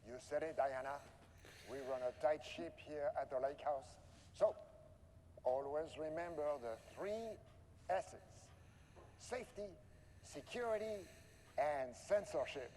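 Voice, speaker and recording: A man's voice: a little high, a little slow, pauses often, a little mellow, a little hiss or hum, natural voice. An actor playing an upbeat male scientist who hosts a corporate welcome video with corny jokes, heard through an echoey in-game recording. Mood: chirpy. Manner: chirpy, presenter-like, corny jokes. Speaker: head of research. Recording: reverberant in-game video, faint ambience.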